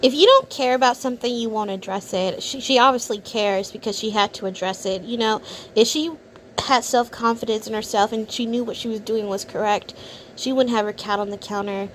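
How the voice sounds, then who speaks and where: Woman mocking a food vlog, sneery reaction talk, kinda high voice. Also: brisk, fairly bright tone, a little hiss or hum. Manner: sneering, contemptuous. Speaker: reaction video host.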